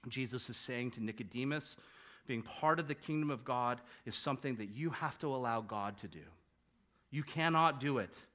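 A man's voice: mid-range voice, moderate pace, pushed and bright. A male pastor preaching a sermon emphatically and asking the congregation rhetorical questions.

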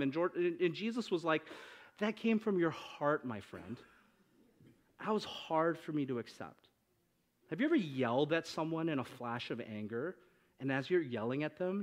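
Lively, high-voiced preaching man. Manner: animated, jokey preaching, asks the crowd questions. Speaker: pastor. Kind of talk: sermon.

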